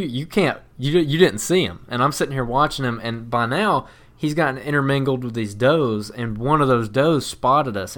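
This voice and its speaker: A man of middle pitch co-hosts a casual podcast and recounts a hunt. He tells it in a plain, steady way, with sudden excited bursts. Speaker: podcast co-host. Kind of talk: casual hunting storytelling.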